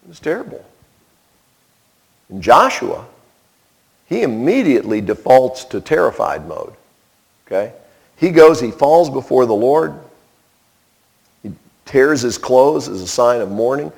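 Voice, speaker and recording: Lively gravelly-voiced male preacher. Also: medium pitch, a little slow, long pauses. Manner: animated storytelling, acting out the people in the story. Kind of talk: sermon.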